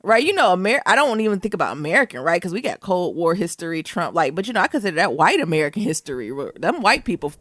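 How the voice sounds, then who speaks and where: Woman co-host, casual storyteller, swears freely, swings her pitch a lot, dry mic. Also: quick pace, hardly any pauses, no room sound. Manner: animated, profane, laughs often, acts out quotes. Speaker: podcast co-host.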